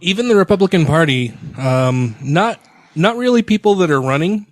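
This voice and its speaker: A man's voice: a little high, lively intonation, moderate pace, no room sound, studio quality. A man co-hosting a podcast, telling a long story in casual, profane chat. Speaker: podcast co-host.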